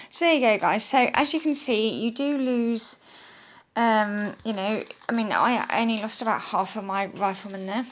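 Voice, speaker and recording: A woman's voice: on the high side, normal speed. A tired woman giving casual, chatty gameplay commentary to her viewers. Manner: chatty, many fillers, addresses viewers as guys. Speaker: mobile game YouTuber.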